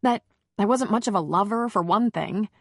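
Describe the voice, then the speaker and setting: A narrator putting on a tearful, insecure woman, higher than her own voice and quick. The voice is a little husky and dry. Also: dry recording, close to an everyday voice. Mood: emotional.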